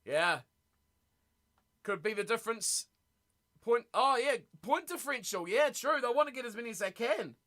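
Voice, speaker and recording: A man hosting a live watch party stream, reacting excitedly to a rugby match and chatting with viewers. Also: very high-pitched, moderate pace, long pauses. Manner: excitable, chatty, reads viewer messages aloud.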